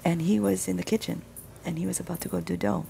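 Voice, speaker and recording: Sharing her testimony of faith, this woman speaks quickly in a gravelly, low, mellow voice with little pitch movement. Her tone is earnest and reflective, occasionally sinking to a whisper, over slight background noise.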